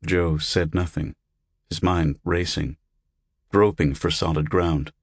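Low, husky male narrator. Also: steady tone, takes it slowly, no echo, clean studio sound. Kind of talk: audiobook narration.

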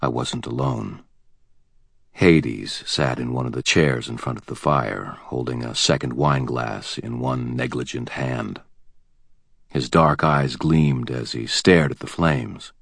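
A man with a very deep voice narrates a first-person fantasy audiobook. His delivery is wry and vivid, with tense pacing, and the close studio sound is completely dry. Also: slow, gravelly, fairly bright tone, no room sound.

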